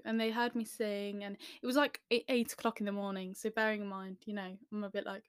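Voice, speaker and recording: A young woman from the English Midlands telling a story to camera in a chatty, self-deprecating way, with quick asides. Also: medium pitch, fairly even intonation, smooth, dry recording, clean studio sound. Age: young adult.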